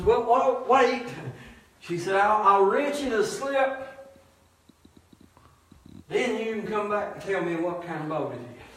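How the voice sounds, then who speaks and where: A pastor preaching, telling a story with loud emphatic shouts and low, quiet asides. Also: male voice. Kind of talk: sermon storytelling. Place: church. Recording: echoey church hall from far off.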